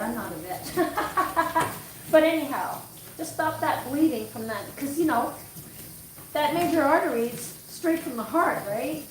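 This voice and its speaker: A middle-aged woman from Canada, a dog groomer, livestreams from her grooming room, telling a rambling story full of self-corrections. Her slightly high voice comes from far off the mic, with echo and background noise in the room.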